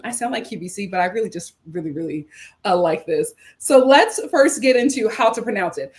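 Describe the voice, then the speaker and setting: A woman's voice: medium pitch, lively intonation, brisk. Chatty American woman livestreaming. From United States. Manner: chatty, upbeat, lots of fillers and asides. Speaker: lifestyle streamer. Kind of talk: casual livestream chat.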